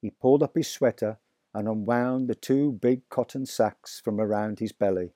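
A man narrating a children's story aloud in a vivid, expressive reading. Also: fairly low pitch, no room sound, clean studio sound. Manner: slow, deliberate, vivid storytelling. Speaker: audiobook narrator.

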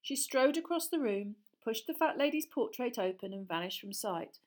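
A woman narrating an audiobook in a measured, expressive storytelling voice. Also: fairly high pitch. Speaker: audiobook reader.

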